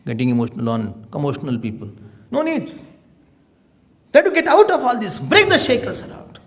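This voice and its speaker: A man with an Indian accent giving a spiritual discourse, playful and animated, slipping Hindi phrases into his English. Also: sits high, a little fast. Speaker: spiritual teacher.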